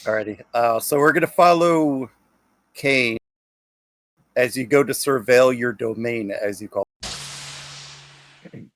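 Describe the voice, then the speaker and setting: A man's voice: medium pitch, slow, long pauses, a bit bright, no echo. A man acting as game master, moving the scene along in an easygoing way.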